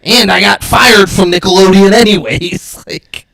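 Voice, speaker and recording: A man's voice: high-pitched, a little slow, gravelly. A man co-hosting a podcast, cracking jokes and teasing his co-host in casual chat. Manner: joking, teasing, animated delivery.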